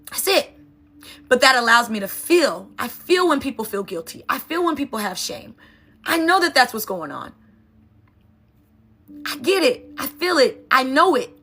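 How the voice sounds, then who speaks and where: A woman's voice: high-pitched, sharp tone. A woman NLP coach and sound healer giving an emphatic, conversational motivational talk, often checking in with "right?".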